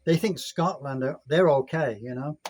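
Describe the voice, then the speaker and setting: A man's voice: on the high side, normal speed, darkish tone, no echo. Rambling older man in his sixties. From United Kingdom. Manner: chatty, rambling storyteller. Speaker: vlogger. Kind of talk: casual storytelling rant.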